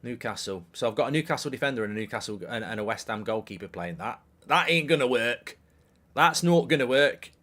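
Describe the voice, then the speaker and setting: A man's voice: mid-range voice, lively intonation, fairly quick, fairly bright tone. Middle-aged man, live football watchalong host, rambling, swearing, reads out viewer messages. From England.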